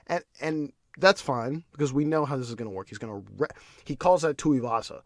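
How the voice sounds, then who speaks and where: Animated ranting man, dry close sound. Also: medium pitch, a little fast, no echo. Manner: ranting, animated, with restarts and repeated words. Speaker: podcast host. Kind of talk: casual solo commentary.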